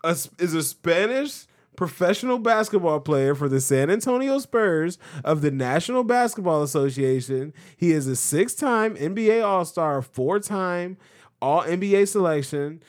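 A man's voice: a little high, animated, normal speed, no echo, clean studio sound. A man co-hosting a podcast, talking in a casual, exasperated way and laughing through his protests. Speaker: podcast co-host. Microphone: podcast microphone.

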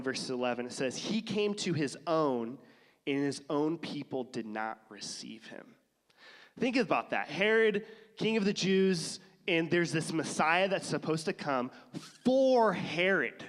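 A man's voice: on the high side, fairly bright tone, long reverb tail. A man with a cough preaching a casual, conversational sermon, acting out the voices of the people in his stories. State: has a cough.

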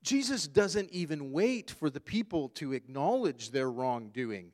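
A man's voice: a little high, animated, measured pace, a little mellow. A man preaching a sermon, earnest and emphatic, repeating his key phrases for weight. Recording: long hall reverb.

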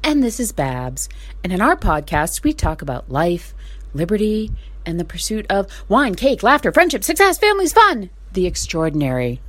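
A woman reading a scripted podcast intro in a playful way, climbing with excitement through a list. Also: medium pitch, moderate pace.

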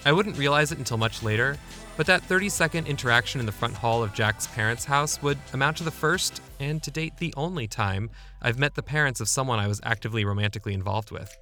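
A man's voice: medium pitch, quick pace, bright, forceful tone, faint music behind. A young man narrating his own memoir in a wry, self-deprecating, conversational way. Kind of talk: memoir storytelling.

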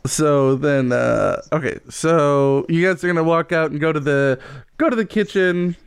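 Slow-talking man running a tabletop game. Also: on the high side, gravelly, clean tone. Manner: slow, full of filler pauses, laughs easily. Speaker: game master.

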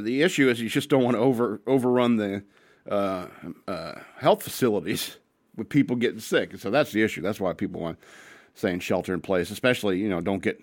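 A man's voice: lowish voice, no echo. A man hosting a casual radio talk show from a small studio, rambling and joking crudely. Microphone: studio mic.

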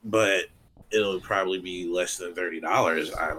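A man's voice: low voice, fairly even intonation, moderate pace, fairly bright tone. A man co-hosting a podcast, chatting casually with crude jokes and lots of swearing. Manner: crude, joking, swears a lot. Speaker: podcast co-host. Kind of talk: casual chat.

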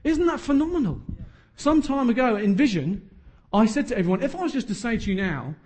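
Animated preacher in his thirties. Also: very high voice, fairly quick. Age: 30s. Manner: emphatic, joking asides. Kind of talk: sermon.

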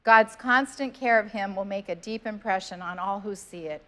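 A woman's voice: mid-range voice, normal speed, a bit bright. Woman pastor, earnest conversational sermon, church service, scripture readings. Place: church sanctuary.

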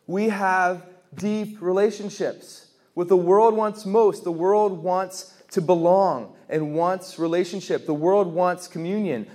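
A man in his thirties giving a lively faith talk to a live audience, telling stories and repeating refrains. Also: sits high, slow pace, few pauses. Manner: animated storytelling, rhetorical questions, repeated refrains. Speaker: speaker at a faith gathering.

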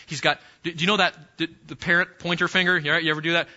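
Animated high-voiced male Bible teacher. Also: fast talker, few pauses, dull audio. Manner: animated, acts out scenes, repeats himself. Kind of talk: teaching sermon.

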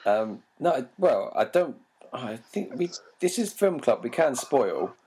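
A man's voice: medium pitch, big pitch swings, unhurried, darkish tone, slight background noise. A man from Britain co-hosting a film podcast, hesitant and laughing often as he talks. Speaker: podcast co-host. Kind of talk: casual chat.

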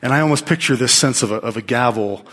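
A man preaching to his congregation, his voice mid-pitched and ordinary for a man. He speaks with animated emphasis and often restarts his phrases. His sermon delivery is lively. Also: fast. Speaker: pastor teaching.

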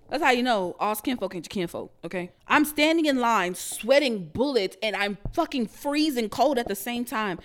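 Fiery, foul-mouthed woman host. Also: fairly high pitch. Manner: heated, profane, emphatic, swinging to quiet and somber. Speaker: podcast host. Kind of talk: profane solo rant.

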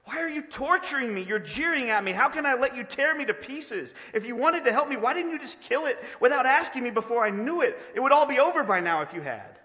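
A preacher putting on a panicky, whining ghost. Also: male voice, extremely high pitch, animated, fast talker, few pauses, pushed and bright, pitched above the performer's own voice, exaggerated voice. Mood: panicked. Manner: whiny, panicky pleading, raised and strained. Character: frightened, pleading male ghost clinging to his sin. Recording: long reverb of a large hall.

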